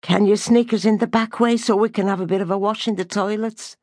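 A woman's voice: mid-range voice, fairly even intonation, brisk, darkish tone, dry recording, pitched above the performer's own voice, close to an everyday voice. Woman doing a young bride, storybook, sheepish, meek, hesitant, dry close sound.

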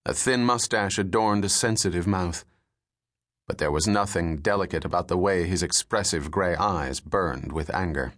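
Low-voiced male audiobook narrator. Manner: measured, steady storytelling. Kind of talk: scripted narration.

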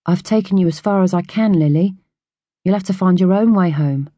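A woman reading an audiobook, voicing a gentle young orphan boy who talks in an earnest, confiding way. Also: lowish voice, a little fast, no room sound, close to an everyday voice. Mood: soft.

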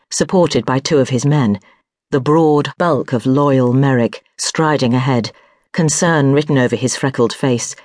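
A woman narrating a historical novel for an audiobook, reading in a measured, unhurried way. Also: extremely low pitch, darkish tone, no echo, studio quality.

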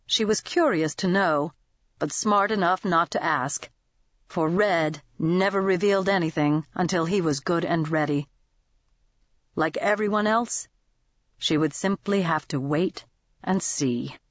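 A woman narrating a novel as an audiobook reader, in even, scripted storytelling. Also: lowish voice, a little slow, no echo, highs cut off.

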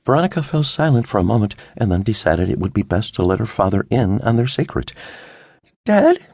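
Male narrator for a mystery audiobook, measured and gravelly, dry booth sound. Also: on the low side, animated, darkish tone, no echo. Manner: measured storytelling. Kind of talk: scripted narration.

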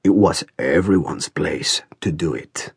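A very old, frail-sounding but commanding man, played by a male narrator, speaks slowly and quietly with a chill in every word. His voice is low and hushed, recorded close and dry, like a storybook reading. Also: very animated, slightly rough, dry recording, full character voice. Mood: cold. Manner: slow, quiet, cold. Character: very old, cold, powerful man.

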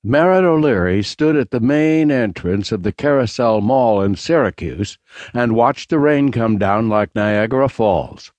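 A man narrating a mystery audiobook in a steady, measured read. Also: medium pitch, dry recording. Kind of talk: scripted narration.

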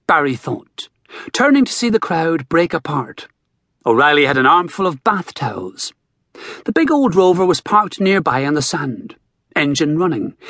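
A man narrating a novel as an audiobook, in an expressive storytelling manner. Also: on the high side, dry recording, clean studio sound. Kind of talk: scripted narration.

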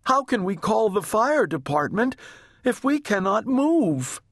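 A man voicing a fretful, easily alarmed housewife in a children's storybook, in a high anxious voice. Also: big pitch swings, measured pace, slightly rough, dry recording, clean studio sound, exaggerated voice.

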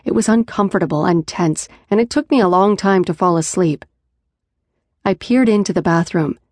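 A woman narrating a first-person audiobook in a measured, even storytelling manner. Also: lowish voice, no echo, clean studio sound. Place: studio booth. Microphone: close studio mic.

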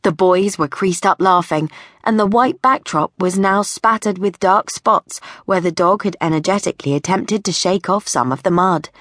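Brief: woman audiobook narrator, lowish voice, measured and wry, close dry studio sound. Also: fairly bright tone, dry recording.

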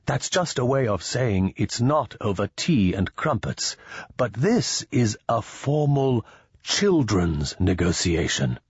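A man's voice: lowish voice, big pitch swings, takes it slowly, slightly rough, no room sound, muffled recording, full character voice. A man voicing an anxious male diplomat in an audiobook, speaking shakily and lecturing in a tense, raised voice. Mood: panicked.

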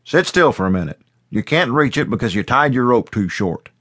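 A man's voice: medium pitch, animated, brisk, fairly bright tone, slightly rough, voice pushed up. A man voicing a stern, strict rural father who scolds his son in plain country grammar. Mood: firm, stern.

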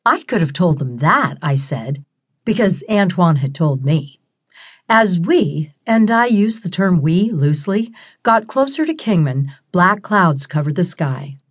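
A woman reads a first-person audiobook in a wry, expressive storytelling manner. Her voice sits a little low for a woman. She keeps the narration flowing and lively. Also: measured pace.

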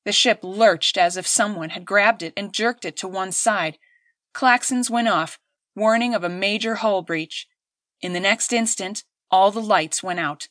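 A woman's voice: mid-range voice, a little slow, fairly bright tone, no echo. Woman narrating an audiobook, dry close sound. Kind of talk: scripted narration.

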